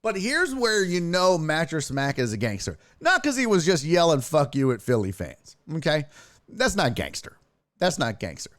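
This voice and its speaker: A man hosts a casual sports talk stream and swears freely as he reacts to clips. His voice sits high and swings widely in pitch. He talks back to his chat with loud, excitable energy. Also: moderate pace, no echo, studio quality. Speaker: sports show host and streamer.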